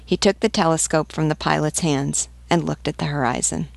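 A woman reading a novel aloud in a measured, even manner. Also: low voice, creaky, no room sound. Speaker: book reader. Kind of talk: audiobook reading.

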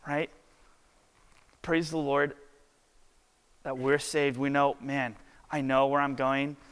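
A man's voice: medium pitch, a bit bright, clear, resonant tone. A man in his twenties, a worship pastor telling a story in a casual, chatty sermon full of filler words. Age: 20s. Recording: long hall reverb.

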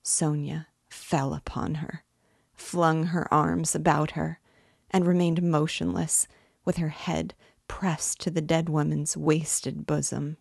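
A woman hosting a book reading, narrating a classic novel aloud in a measured, unhurried way. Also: deep voice, level tone, vocal fry, husky, no room sound, studio quality. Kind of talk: audiobook-style reading.

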